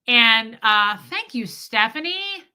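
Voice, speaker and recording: Bright-voiced tired woman streamer. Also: on the high side, very animated, slow pace, clean tone. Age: 40s. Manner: rambling and profane, reads viewer comments aloud. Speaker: live streamer. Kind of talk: casual live-stream storytelling.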